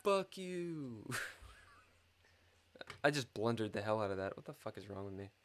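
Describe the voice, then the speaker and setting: A man's voice: lowish voice, normal speed, fairly bright tone, a little hiss or hum. A man streaming a live chess game, muttering and swearing in frustration at his own moves, complaining of a dry mouth.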